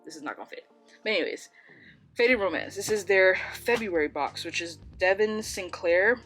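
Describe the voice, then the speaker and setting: A woman's voice: medium pitch, lively intonation, moderate pace, a bit bright, faint music behind. A young woman chatting casually about books at home, rambling with lots of "like"s. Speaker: book vlogger. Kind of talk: casual chat.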